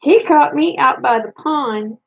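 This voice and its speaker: A woman vlogger tells funny childhood stories in a folksy, chatty, casual way. Her voice is high and gravelly, delivered at a measured pace, and the recording sounds muffled.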